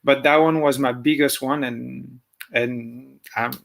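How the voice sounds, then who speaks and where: A man with a French accent, a former motocross champion talking as a guest in a casual interview, halting with many fillers and restarts. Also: medium pitch, steady tone, vocal fry. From France. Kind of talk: casual interview over a call.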